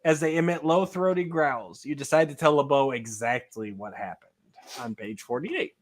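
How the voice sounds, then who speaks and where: A man's voice: mid-range voice, moderate pace. A man hosting a podcast, casually reading a choose-your-own-adventure book aloud. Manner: casual, laughs between lines. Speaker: podcast host.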